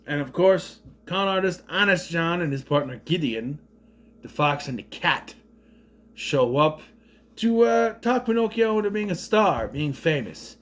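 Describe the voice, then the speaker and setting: Male movie reviewer, casual and rambling, sarcastic and profane, high and lively voice. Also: a little slow. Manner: rambling, sarcastic, swears freely.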